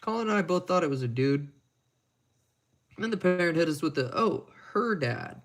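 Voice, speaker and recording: A man's voice: on the high side, lively intonation, brisk. A man chatting casually on a live stream while he repairs watches at his bench, rambling and making crude, self-mocking jokes.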